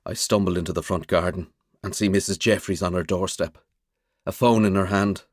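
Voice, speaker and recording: A man's voice: low-pitched, moderate pace, dry recording, clean studio sound. A man narrating a suspense audiobook in the first person, telling it dramatically. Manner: expressive, dramatic storytelling.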